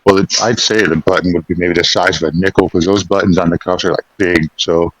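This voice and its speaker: A man's voice: deep voice, steady tone, brisk, no room sound, poor audio. A man playing in a tabletop game, describing his character's actions in a rambling way. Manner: rambling, full of likes. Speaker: player. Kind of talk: casual tabletop play.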